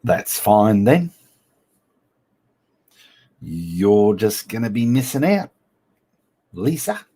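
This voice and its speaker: A man's voice: lowish voice, sing-song, slow pace, warm tone. A man hosting a casual live stream, reading out viewer comments in a playful, teasing way. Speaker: livestream host.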